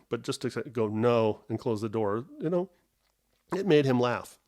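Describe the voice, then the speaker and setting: A man's voice: mid-range voice, lively intonation, normal speed, darkish tone. Rambling, wry middle-aged man. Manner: rambling, self-interrupting, wry and self-mocking. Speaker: podcast host. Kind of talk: casual solo podcast storytelling. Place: at home.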